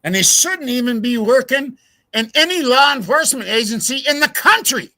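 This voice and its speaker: A man's voice: very high-pitched, animated, moderate pace, pushed and bright, dry recording. A man hosting a true crime livestream, ranting in a heated, profane way to his viewers. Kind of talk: casual livestream commentary.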